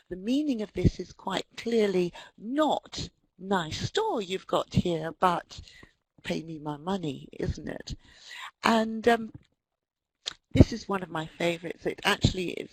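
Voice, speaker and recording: A woman's voice: lowish voice, slightly rough, no room sound, rough recording. A woman presenting an online lecture on language, telling stories and acting out quoted speech. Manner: lively storytelling, acts out quotes. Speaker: webinar presenter.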